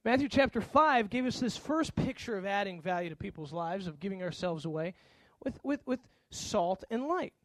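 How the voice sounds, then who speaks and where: A male pastor preaches with a notably high voice, animated and conversational. He slips into different voices to act out everyday exchanges. The sound is close and dry, with no room around it. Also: normal speed, hardly any pauses, dry recording. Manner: animated, acts out dialogue with varied voices. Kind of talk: sermon.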